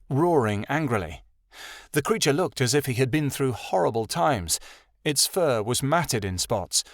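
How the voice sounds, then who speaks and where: A man narrating a fantasy audiobook in an expressive storytelling style. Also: medium pitch, no room sound, clean studio sound. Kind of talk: scripted narration.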